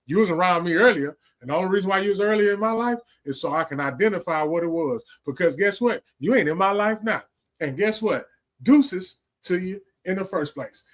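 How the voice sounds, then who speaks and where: A man hosting a livestream delivers a casual, preachy monologue packed with slang, profanity and repetition. His voice is high-pitched and animated, and he talks fairly quickly.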